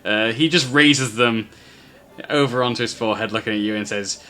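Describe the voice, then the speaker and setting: A man's voice: mid-range voice, moderate pace, pushed and bright. A man narrating a tabletop game as game master, chuckling often and filling with "uh". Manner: narrates with frequent fillers and chuckles.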